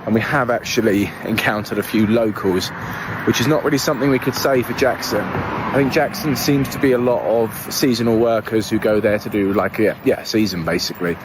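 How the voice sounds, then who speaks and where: A man's voice: lowish voice, fairly quick, noisy background. Rambling British man outdoors. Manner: relaxed, rambling with many fillers. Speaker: travel vlogger. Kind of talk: casual travel talk to camera. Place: outdoors in a small town.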